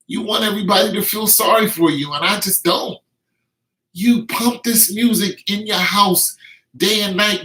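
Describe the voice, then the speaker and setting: A man's voice: high voice, sharp tone. A middle-aged man ranting to camera in a vlog, emphatic and repeating words as he stresses his points. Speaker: vlogger. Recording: roomy echo.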